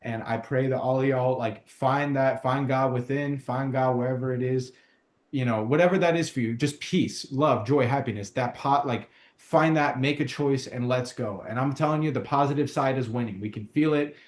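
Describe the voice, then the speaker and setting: A man hosting a casual spiritual podcast, talking fervently and preachily, sometimes building to a shout. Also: medium pitch, normal speed. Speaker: podcast host. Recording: roomy echo.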